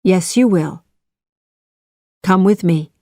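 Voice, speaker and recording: A woman's voice: lowish voice, slow, dark tone, no echo, studio quality. A woman voicing a loyal young friend who speaks firmly and reassuringly, in a children's audiobook reading.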